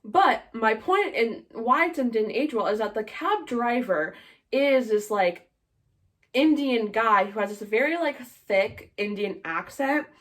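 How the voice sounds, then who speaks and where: A woman's voice: on the high side, animated, takes it slowly. A young woman co-hosting a podcast in casual chat, giving blunt opinions and saying "like" a lot. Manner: chatty, opinionated, heavy use of "like". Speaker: podcast co-host.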